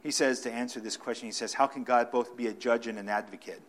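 A man preaching a sermon off the cuff, with restarts and fillers, swinging between loud emphatic stresses and quiet asides. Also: mid-range voice, steady tone, quick pace. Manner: unscripted preaching with frequent restarts and filler words.

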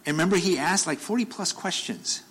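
A man's voice: sits high, a little fast, fairly bright tone, husky, low-quality recording. Man preaching an emphatic, conversational sermon. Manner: conversational, rises to emphatic bursts, repeats phrases.

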